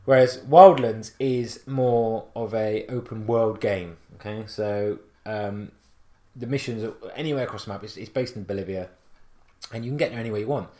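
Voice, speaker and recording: A man with a West Country English accent co-hosting a gaming podcast, telling stories in a rambling, animated way full of restarts. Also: fairly low pitch, moderate pace, echoey room. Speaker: podcast co-host. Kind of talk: casual chat.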